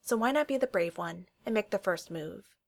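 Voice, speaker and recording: A woman voicing a steady, motherly woman who is the boss, firm and encouraging. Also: medium pitch, normal speed, vocal fry.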